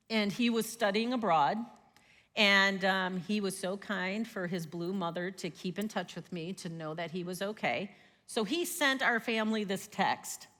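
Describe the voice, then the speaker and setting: A woman in her forties teaching a group session, lively and often checking in with "right?". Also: medium pitch, long reverb tail.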